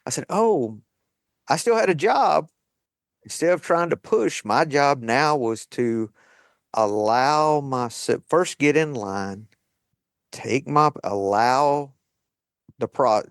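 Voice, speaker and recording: Male host, unhurried and thoughtful, dry close sound, mid-pitched. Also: dry recording. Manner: slow, thoughtful, with light laughs. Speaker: podcast host leading a recovery meeting. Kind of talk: reflective reading and sharing.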